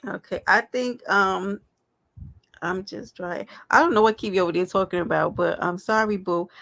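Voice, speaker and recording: Chatty, creaky-voiced woman livestreamer. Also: mid-range voice, normal speed, a bit bright. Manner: chatty, affectionate, talks straight to viewers. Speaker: livestream host. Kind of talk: casual live-stream chat.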